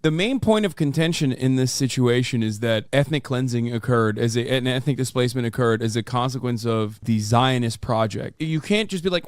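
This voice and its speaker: A man streaming live reaction commentary, ranting in an animated, profane way. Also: medium pitch, dry recording, clean studio sound.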